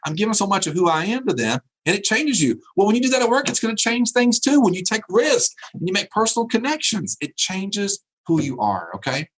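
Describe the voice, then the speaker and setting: A man's voice: sits high, sing-song, fairly quick, few pauses, breathy edge. A man giving a motivational keynote by remote video call, preachy and emphatic, repeating his phrases. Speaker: keynote speaker.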